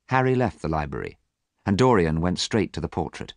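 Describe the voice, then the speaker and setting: Deep-voiced man reading a story. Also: very animated, no echo, clean studio sound. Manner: clear, measured, simple reading. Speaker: narrator. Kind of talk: scripted audiobook narration.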